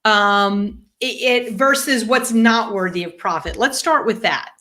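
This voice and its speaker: A woman's voice: on the high side, measured pace, sharp tone. Playful woman co-hosting a live show. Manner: playful, joking asides. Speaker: podcast co-host. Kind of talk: lively live-show introduction. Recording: slightly echoey call audio.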